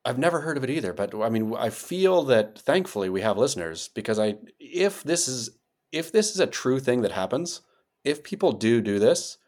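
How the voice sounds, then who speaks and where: An American man co-hosting a podcast, riffing in a playful, rambling way with sudden jumps in pitch. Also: sing-song, moderate pace, darkish tone. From United States. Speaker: podcast co-host. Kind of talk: casual chat.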